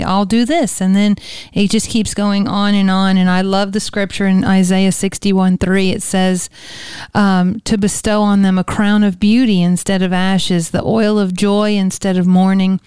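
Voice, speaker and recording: Encouraging woman with a very smooth voice. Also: medium pitch, a little mellow, dry recording, clean studio sound. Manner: encouraging, quotes scripture. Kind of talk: faith talk show conversation.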